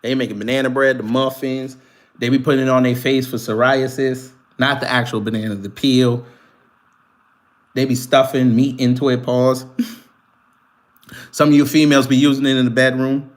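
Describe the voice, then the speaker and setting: A man hosting a live commentary stream, reading a news article aloud and firing back at viewers in chat. He talks in an animated, profane way and laughs often. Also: medium pitch, moderate pace, pauses often. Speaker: commentary channel host.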